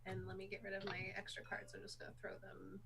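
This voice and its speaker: A woman's voice: mid-range voice, completely flat delivery, quick pace, gravelly, a bit bright. A woman playing a tabletop game, chatting casually and giggling as she picks skills. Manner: giggly, upbeat. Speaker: player.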